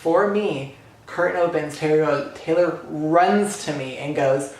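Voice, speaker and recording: A man vlogging an excited personal story, animated and dramatic, full of "like" and "literally.". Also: a little high, a little slow. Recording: echoey room.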